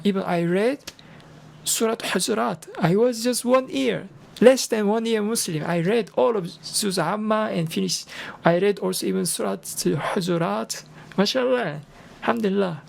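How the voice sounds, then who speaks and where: An older Korean man with a Korean accent and a hoarse, strained voice, chatting casually as a teacher in broken English with earnest encouragement. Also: high voice, normal speed, a little mellow. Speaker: Arabic and Islam teacher. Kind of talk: casual livestream talk.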